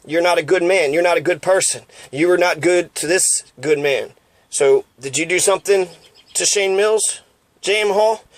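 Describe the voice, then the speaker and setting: A man rants in a fierce, profane monologue, circling back to the same points. His voice sits a bit high for a man. The sound is dry and close, with no room around it. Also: normal speed, no echo. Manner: profane, ranting, repeats himself. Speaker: online commentator. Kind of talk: angry monologue.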